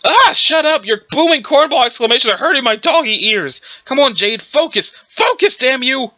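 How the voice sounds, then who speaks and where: A man voicing a fierce young dog-eared girl with godlike powers who shouts in frantic exasperation. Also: very high voice, animated, moderate pace, dry recording, lo-fi sound, exaggerated voice. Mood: exasperated.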